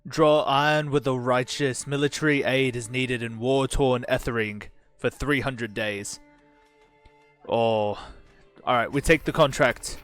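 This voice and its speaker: A man's voice: medium pitch, fairly even intonation, unhurried, a bit bright, soft background music. A man casually commenting on a strategy game as he plays, reading out its text with profane, sarcastic asides. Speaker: gaming channel host. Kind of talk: casual let's-play commentary.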